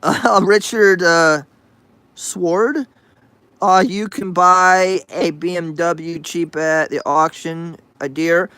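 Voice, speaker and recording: A man's voice: high-pitched, steady tone, slow, pushed and bright, smooth, dry recording. A man hosting a livestream, reading chat aloud with crude sarcasm and frequent hesitations. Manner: sarcastic, profane, hesitant with many uhs.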